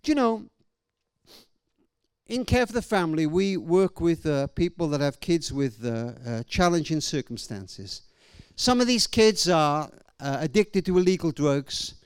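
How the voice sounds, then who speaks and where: A middle-aged man preaching a sermon, telling stories and swinging between raised and hushed delivery. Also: a little high, lively intonation, unhurried, clear, resonant tone, dry recording. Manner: storytelling, swings from loud to hushed. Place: church hall or event venue.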